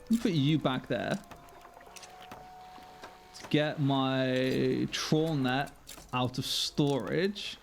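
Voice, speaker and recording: Guy streaming a game, raspy fry in the voice, slow and laid back, swears a lot, jokes at himself. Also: on the high side, a little hiss or hum. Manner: sweary, self-mocking, chatty with viewers. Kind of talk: live gameplay commentary.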